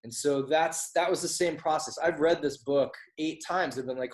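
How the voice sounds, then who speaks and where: A man's voice: a little high, normal speed, hardly any pauses, poor audio. A man guest on a podcast, telling his story candidly, swearing freely and acting out quoted dialogue. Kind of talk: casual storytelling interview.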